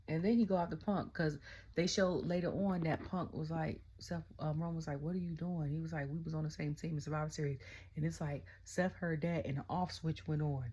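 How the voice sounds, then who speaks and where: A middle-aged woman casually recapping a wrestling event, excitable and chatty, constantly retelling her own reactions. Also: low-pitched, breathy edge. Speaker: wrestling show reviewer. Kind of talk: casual rant-style recap.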